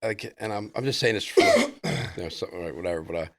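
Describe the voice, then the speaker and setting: A man telling a rambling personal story as a podcast guest in casual chat, loose and excitable, full of "like" and "dude". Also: lowish voice, racing, a loud crowd.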